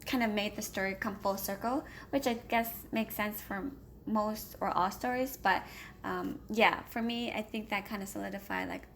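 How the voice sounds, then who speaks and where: Woman with a gravelly voice, hurried. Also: mid-range voice, lively intonation, fairly bright tone, slight background noise. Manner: rambling, many filler pauses. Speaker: homeschooling parent reviewing books. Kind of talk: casual vlog chat. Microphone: camera.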